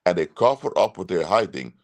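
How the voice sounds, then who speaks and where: A man's voice: sits low, big pitch swings, fairly quick. A man speaking as a consultant, giving earnest, emphatic advice and repeating his key points. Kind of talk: advice talk to camera.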